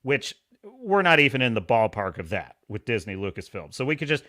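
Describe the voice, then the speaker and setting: A man hosting a live stream, talking in a sarcastic, animated way and reading chat messages aloud. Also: medium pitch, brisk. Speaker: podcast host.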